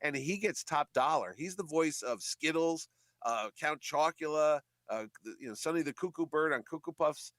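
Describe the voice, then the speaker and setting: A man who organizes a comic convention, chatting casually in a radio interview and telling animated stories. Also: a little high, normal speed, no echo. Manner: chatty storyteller, animated quoting of others.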